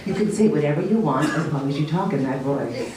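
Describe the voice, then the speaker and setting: A woman doing a calm, controlled, non-judgmental GPS navigation voice on stage in an echoey room. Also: deep voice, brisk, over a noisy crowd, pitched below the performer's own voice. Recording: echoey room, distant mic, noisy.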